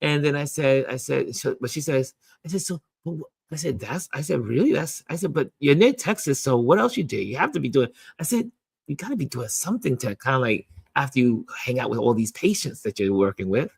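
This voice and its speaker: Male community host, casual storyteller, dry close sound, slightly husky voice. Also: mid-range voice, fairly quick, dry recording. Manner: animated storyteller, acting out both sides of a conversation; chatty, with many restarts and repeated "I said". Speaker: game night host.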